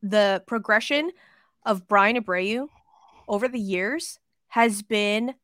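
A woman co-hosting a casual sports podcast, excitable and gushing, swearing freely. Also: mid-range voice, takes it slowly, no room sound, clean studio sound. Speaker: podcast co-host.

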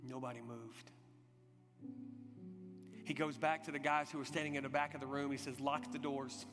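A man preaching a sermon, telling a story dramatically, swinging from urgent loud passages to hushed, quiet ones. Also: medium pitch, steady tone, moderate pace. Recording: long hall reverb with music behind.

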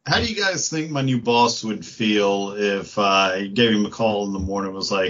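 A man's voice: on the low side, moderate pace, hardly any pauses. A man co-hosting a sports podcast, talking casually and rambling with lots of fillers. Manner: relaxed, rambling, many fillers. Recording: dull lo-fi audio.

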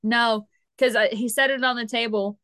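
Co-host, woman, bright higher voice, chatty and animated, dry close recording. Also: normal speed, dry recording. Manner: chatty, animated, laughing asides. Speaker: podcast co-host. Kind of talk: casual chat.

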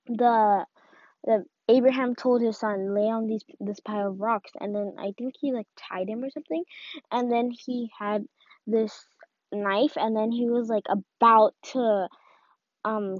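A woman's voice: on the high side, unhurried, no echo. Woman, casual faith talk, rambling, lots of filler words, muffled lo-fi audio, dead dry sound. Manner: rambling, full of "like" and "um". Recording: dull, dry lo-fi recording.

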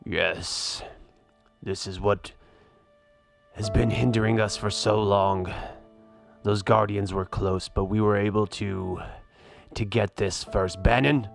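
A dark, mysterious villain lord speaks slowly and quietly, as if every word is an order, as a man puts him on. His voice sits low. Soft music plays underneath. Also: steady tone, vocal fry. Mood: menacing. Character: dark mysterious male villain called Master.

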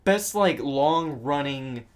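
Halting, casually profane male podcaster. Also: medium pitch, animated. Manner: halting, with restarts and casual swearing. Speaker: podcast co-host. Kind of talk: casual chat.

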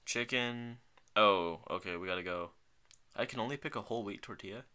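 A man's voice: on the low side, brisk, bright, forceful tone, smooth. A young man co-hosting a podcast in casual chat, joking and thinking aloud as he orders food. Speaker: podcast co-host.

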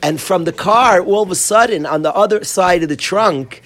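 This rabbi speaks at a normal speed in a high voice that swings widely in pitch. He's teaching students a casual Torah lesson in a room, animatedly spinning stories, performing quotes, and frequently laughing.

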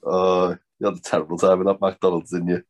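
A man's voice: sits low, flat delivery, fairly quick. A man co-hosting a podcast, teasing his friend with dry jokes and casual swearing. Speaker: podcast co-host. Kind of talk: casual banter.

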